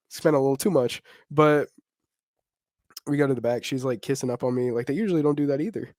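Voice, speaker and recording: Young man, podcast co-host, animated slangy storytelling, close dry mic. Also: medium pitch, a little fast, dry recording. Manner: animated, swearing, slangy, laughing often. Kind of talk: casual storytelling chat.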